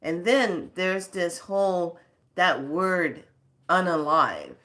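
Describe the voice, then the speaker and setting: Slow, low-voiced woman scolding and rambling. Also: lively intonation, a bit bright. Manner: scolding, rambling, laughs between stories. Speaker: spiritual channel host. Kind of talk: casual spiritual vlog talk.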